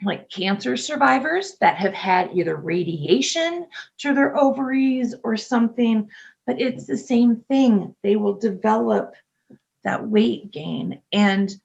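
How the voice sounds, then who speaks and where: A woman's voice: medium pitch, measured pace, creaky, a little mellow, dull audio. A middle-aged woman, a nurse, talking casually in an interview, chatty with frequent fillers and laughs. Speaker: nurse and podcast guest.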